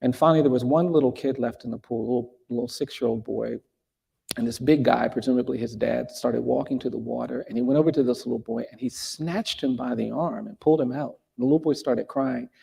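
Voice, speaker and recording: A middle-aged man with a gravelly, husky voice and a mellow tone. He tells a personal story slowly and earnestly, restarting phrases and lifting his voice to stress key points. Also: medium pitch. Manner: earnest, with frequent restarts and emphatic rises. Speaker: speaker telling a personal story.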